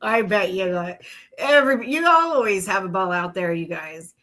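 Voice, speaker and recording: A woman's voice: medium pitch, lively intonation, normal speed, a bit bright, poor audio. A woman from North Carolina, co-hosting a podcast, giggly and upbeat as she reads viewer comments. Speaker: podcast co-host. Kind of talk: casual chat.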